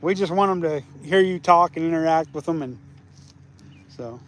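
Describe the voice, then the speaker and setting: A man, hosting a casual live fishing stream outdoors. He laughs often and gets loud and excited whenever a fish bites. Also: on the high side, moderate pace. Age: 40s. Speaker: fishing channel host. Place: outdoors by the water.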